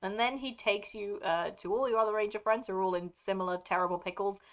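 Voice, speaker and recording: A woman's voice: mid-range voice, fast talker. A woman with an English received pronunciation accent chatting casually with live viewers, rambling and breaking off mid-sentence with frequent laughter. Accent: British, received pronunciation. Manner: scattered, rambling, self-interrupting, laughing often. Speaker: streamer.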